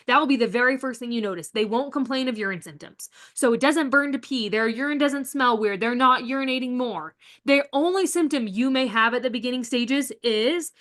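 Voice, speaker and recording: Woman, young adult, nurse educator, live webinar lecture, chatty, encouraging, bright tone. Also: high-pitched, a little fast, hardly any pauses. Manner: chatty, encouraging, addresses viewers as guys.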